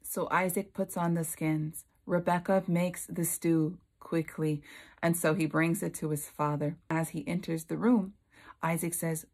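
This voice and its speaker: A woman's voice: lowish voice, steady tone, normal speed, a little mellow. A woman leading a Bible study, retelling the story expressively and acting out its characters.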